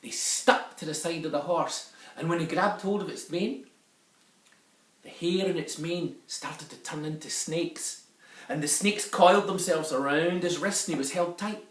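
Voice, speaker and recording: Telling a folk tale to children, a Scottish man uses a fairly high, fairly bright voice at a measured pace. His delivery is lilting, with dialect for each character, captured in an echoey room somewhat far from the mic.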